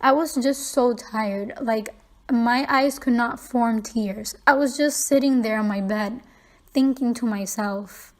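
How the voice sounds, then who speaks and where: A woman's voice: a little high, slow. A young woman vlogging, candidly retelling a personal story in a conversational way with frequent fillers and restarts.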